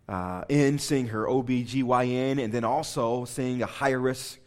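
A man delivers a sermon in a church sanctuary, his pitch sitting in an ordinary middle range. He tells a personal story with animated asides, often turning to ask the congregation questions. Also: measured pace. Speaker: pastor.

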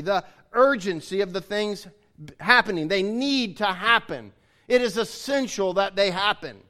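A man's voice: sits high, a bit bright. A man preaching a sermon, explaining his points in an earnest way and restating them.

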